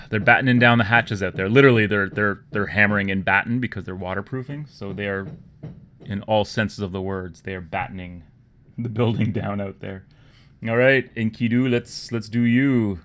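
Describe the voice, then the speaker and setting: A man from Canada with a Toronto accent, hosting a casual livestream, rambling and low-key and often trailing off into quiet murmurs. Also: steady tone, normal speed, slight background noise. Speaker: livestream host. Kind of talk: casual livestream chat while painting miniatures.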